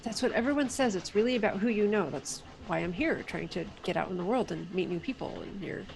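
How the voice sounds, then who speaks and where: A woman's voice: medium pitch, lively intonation, a little fast, vocal fry, darkish tone, rough recording. A woman voicing a plainspoken, curious older farm woman in a tabletop role-play, talking bluntly. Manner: blunt, folksy.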